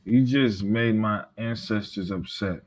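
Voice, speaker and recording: A man with a somewhat low voice talking casually among friends. He is blunt and swears freely, and a faint background hiss sits under the recording. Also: a little slow, a little mellow. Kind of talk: casual chat.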